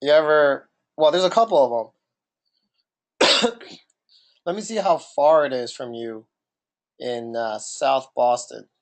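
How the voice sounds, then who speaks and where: A man's voice: medium pitch, slow pace, pauses often. A man with a New Jersey accent co-hosting a casual podcast, talking in a rambling, questioning way. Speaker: podcast co-host.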